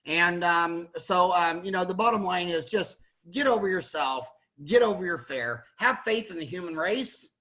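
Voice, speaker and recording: Blunt, high-voiced American man. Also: normal speed, hardly any pauses, poor audio. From United States. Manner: blunt, animated and rambling, with frequent restarts. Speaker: dentist. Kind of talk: panel discussion monologue.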